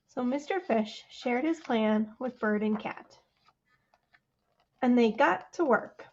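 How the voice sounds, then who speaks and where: A high-voiced woman librarian leading a children's storytime, animated and chatty as she reads. She talks slowly and asks the kids questions. The recording sounds slightly muffled. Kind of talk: storytime read-aloud for children.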